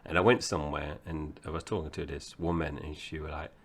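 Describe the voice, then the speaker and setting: A man's voice: very deep voice, steady tone, brisk, a little hiss or hum. A man in his forties from Essex with a Cockney-tinged accent, co-hosting a casual film podcast and rambling chattily with frequent laughs. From Essex, England. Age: 40s. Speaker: podcast co-host.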